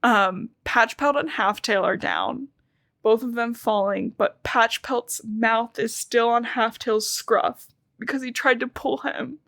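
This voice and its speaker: A woman's voice: on the high side, fairly even intonation, slow, gravelly, a bit bright, no echo, studio quality. A young woman co-hosting a podcast, casually retelling a book's plot with swearing and emotion. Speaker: podcast co-host. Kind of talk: casual book recap chat.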